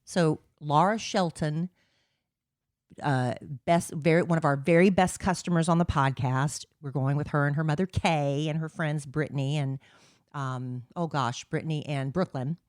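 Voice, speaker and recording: A woman's voice: deep voice, fairly even intonation, normal speed, darkish tone, no echo, clean studio sound. A woman in her forties co-hosting a podcast, telling a long story in a chatty way with lots of fillers. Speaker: podcast co-host. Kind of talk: casual chat.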